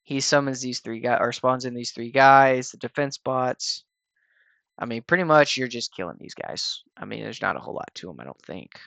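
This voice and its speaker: A man casually talking viewers through a video game raid fight in a relaxed, rambling way, with lots of fillers and restarts. He sounds a little tired. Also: medium pitch, normal speed, gravelly, dry recording. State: tired, yawning. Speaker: gaming channel host explaining a raid. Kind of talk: casual gameplay walkthrough voice-over.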